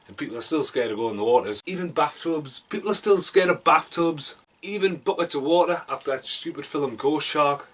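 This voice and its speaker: A man's voice: medium pitch, fairly bright tone. A man from Britain reviewing a movie casually, rambling and self-deprecating, with jokey asides and mumbled mutters.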